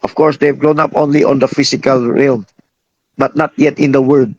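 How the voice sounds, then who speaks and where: A man's voice: mid-range voice, fairly even intonation, moderate pace, a little mellow, dry recording. Pastor guy preaching, quizzes the crowd, keeps repeating stuff, kinda muffled dry audio. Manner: questioning, teacherly, repeats himself. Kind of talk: sermon.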